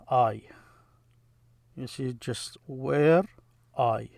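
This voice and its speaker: A man teaching vocabulary as a language lesson, slow and halting, with many fillers, repeating words for practice. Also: medium pitch, steady tone, dry recording, studio quality.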